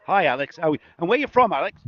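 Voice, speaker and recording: A man's voice: a little high, sing-song, very fast, dry recording. A middle-aged man from northeast England with a northeast English accent, doing chatty, teasing on-the-spot interviews outdoors at a racetrack with a handheld mic. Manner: chatty and teasing, jokey banter. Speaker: trackside roving interviewer. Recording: dull lo-fi outdoor sound.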